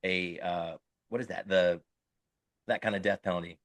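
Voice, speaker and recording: A man's voice: low voice, fairly even intonation, moderate pace, fairly bright tone, no echo, studio quality. A middle-aged man co-hosting a podcast, talking earnestly and often restarting while he searches for words. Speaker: podcast co-host. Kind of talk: casual podcast conversation.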